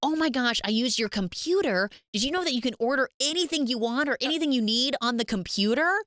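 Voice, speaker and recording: A woman putting on an eager, naive snowman man who is earnest and wide-eyed. His lines bounce high and low in a dry, close sound. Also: lively intonation, moderate pace, dry recording. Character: eager naive snowman come to life, male.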